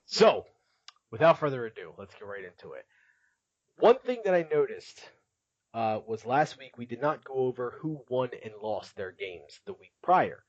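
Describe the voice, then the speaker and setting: A man's voice: medium pitch, big pitch swings, normal speed, no echo, muffled recording. A man hosting a casual podcast, chatty and laughing often as he recaps, with many filler words. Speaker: podcast host.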